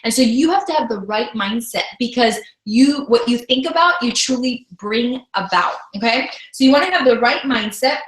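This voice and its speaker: A woman's voice: on the high side, expressive, normal speed, few pauses, roomy sound, poor audio. A woman teaching a sales training class on video, upbeat and emphatic, often repeating her key lines. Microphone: camera.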